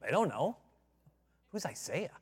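High-voiced preacher in a reverberant church. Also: male voice, sing-song, measured pace, slightly rough. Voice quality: emphatic preaching that swings from low asides to loud climaxes. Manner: chuckles at his own jokes and repeats key phrases. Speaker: pastor. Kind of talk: sermon. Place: church sanctuary. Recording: long reverb of a large church.

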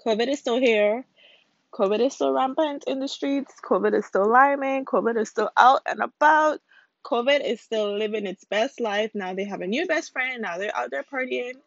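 A Caribbean woman hosts a podcast solo, chatting casually, joking, rambling and tossing in apologetic asides. Her voice is on the high side at a normal speed. The home recording is dull, lo-fi and dry with no echo.

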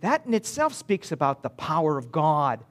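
A man delivers a sermon in a fairly high-pitched voice. He moves between loud, emphatic declarations and hushed, low passages. When he reads scripture, he slows down and weighs each word. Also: wildly swooping pitch. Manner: reads scripture slowly and deliberately. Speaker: pastor.

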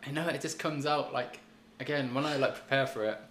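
A man's voice: mid-range voice, steady tone, brisk, a bit bright. A young man with a British accent, a podcast guest who talks in a laid-back, hesitant way. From England. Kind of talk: casual chat. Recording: echoey room with faint noise.

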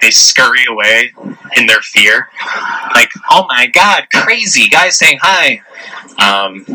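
A man's voice: lowish voice, pushed and bright, rough recording. A man leaving a casual voice message, rambling with lots of filler words and swearing freely. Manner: profane, rambling, heavy use of filler words. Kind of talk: casual storytelling.

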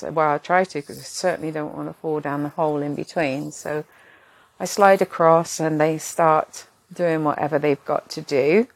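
A woman's voice: deep voice, steady tone, normal speed, no echo. An older woman telling a rambling, chatty story about her own day, often poking fun at herself. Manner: chatty, rambling, self-deprecating. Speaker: vlogger. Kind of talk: casual storytelling.

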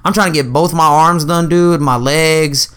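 A young man chatting casually as a podcast co-host, telling profane, animated stories and acting out the people he quotes. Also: on the high side, normal speed, smooth. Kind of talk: casual chat.

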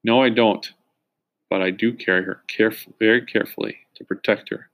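A man's voice: on the low side, fairly even intonation, normal speed, fairly bright tone. A man voicing an anxious, exasperated young mother with a raised, urgent voice. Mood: patient.

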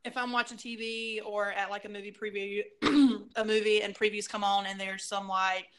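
Bright-voiced woman telling a story. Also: mid-range voice, flat delivery, moderate pace, smooth. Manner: storytelling, with lots of "like" fillers. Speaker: podcast co-host. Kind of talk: casual chat.

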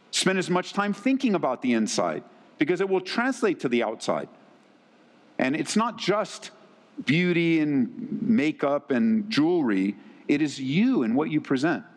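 An earnest man preaches a sermon in a middle-pitched voice. He hammers home his points by repeating words and phrases. His voice carries a long reverb, as if from a large hall. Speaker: pastor.

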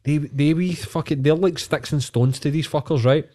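A man's voice: a little high, moderate pace, warm tone. A man with a Scottish accent on a casual podcast, ranting and swearing heavily.

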